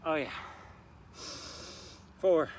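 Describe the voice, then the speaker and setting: A man's voice: extremely slow, a little mellow, a little hiss or hum. A male fitness instructor coaching a live outdoor workout, upbeat and urging viewers on with countdowns while out of breath and sweating. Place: outdoors in a park on grass.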